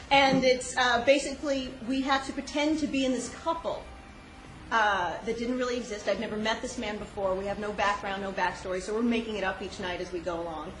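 Laughing woman telling a story, echoey. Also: fairly high pitch. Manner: animated, laughing, self-deprecating with many fillers. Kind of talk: personal story told on stage. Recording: echoey room with noise.

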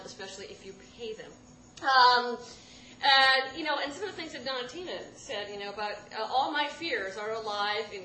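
A woman in her thirties telling a comic personal story to a live audience, rambling and self-deprecating, with sudden loud outbursts. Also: high voice. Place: stage in a room with a live audience. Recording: roomy live room with background noise.

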